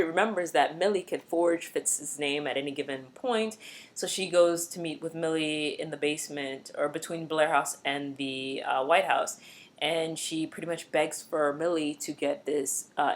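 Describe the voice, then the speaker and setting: A woman vlogger giving a casual, expressive recap of a TV episode, chatty and blunt. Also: low voice.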